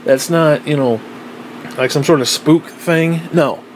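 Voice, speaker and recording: Man, fairly high voice, blunt profane rant, repeats points, tablet mic, faint hum behind. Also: slow pace. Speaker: vlogger. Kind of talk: profane ranting monologue. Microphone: tablet microphone.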